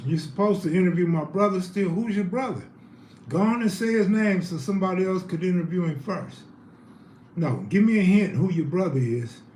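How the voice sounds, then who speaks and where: A man's voice: sits high, a little mellow. Guy on a live stream kinda out of breath, joking around in slang, echoey room. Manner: loose, joking, chatty slang. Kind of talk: casual live stream chat reading comments. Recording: roomy echo, faint background hum.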